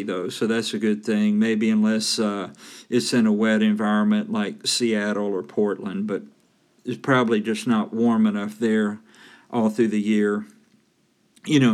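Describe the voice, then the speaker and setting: A man with a Southern US accent hosting a home maintenance podcast in a folksy, joking way. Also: medium pitch. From Southern United States. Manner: folksy, joking, self-promoting. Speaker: podcast host and roofing consultant. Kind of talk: casual solo podcast monologue.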